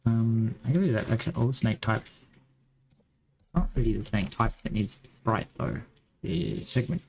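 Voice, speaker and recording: A man's voice: lowish voice, normal speed, gravelly, a little mellow, slight background noise, poor audio. A man with a Western Australian accent who rambles and thinks aloud while coding on a live stream. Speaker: game developer streamer.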